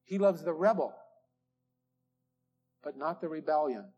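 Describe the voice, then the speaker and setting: An older man preaching a sermon, slow and emphatic, drawing out the key words. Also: on the high side, lively intonation, darkish tone, highs cut off. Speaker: pastor. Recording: old sermon tape recording.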